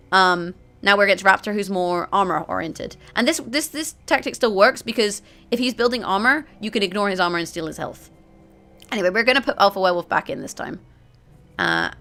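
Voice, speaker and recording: A woman's voice: medium pitch, gravelly, pushed and bright. A woman hosting a card game video, chatting to her viewers about strategy as she plays and often correcting herself mid-sentence. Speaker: gaming video host. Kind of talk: card game play-through commentary.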